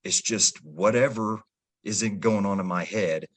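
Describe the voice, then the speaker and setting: Low-voiced man in his forties hosting. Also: a little slow, breathy edge. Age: 40s. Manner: earnest, clarifying, conversational. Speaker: podcast host, firefighter. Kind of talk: casual podcast interview.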